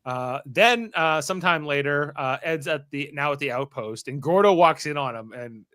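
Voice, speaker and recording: A man hosting a podcast, casually recapping scenes and acting out characters' lines in quick voices. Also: a little high, lively intonation, a bit bright, clean tone, no echo. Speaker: podcast host.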